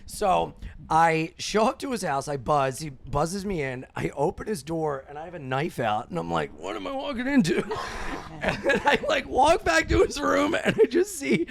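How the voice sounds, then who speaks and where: A comedian telling a crude story on a podcast, laughing and acting out voices. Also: male voice, a little high, moderate pace, gravelly. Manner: animated, laughing, acts out voices, profane. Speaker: guest comedian.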